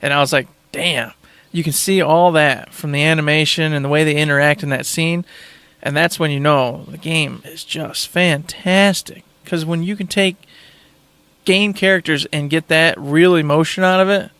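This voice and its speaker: A man hosting a podcast, talking in casual chat with enthusiastic, rambling excitement. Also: a little high, moderate pace, clear, resonant tone, no room sound. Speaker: podcast host.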